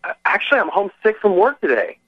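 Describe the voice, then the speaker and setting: A man's voice: sits high, very animated, quick pace. A man on the receiving end of a prank phone call, panicked and stammering.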